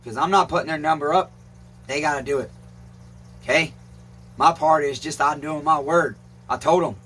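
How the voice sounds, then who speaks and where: A man's voice: a little high, moderate pace, long pauses, fairly bright tone, slight background noise. A man who runs a repair shop, talking in a rambling casual vlog, emphatic and swearing often. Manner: emphatic, swears often, calls viewers "neighbors". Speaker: chainsaw repair shop owner and channel host.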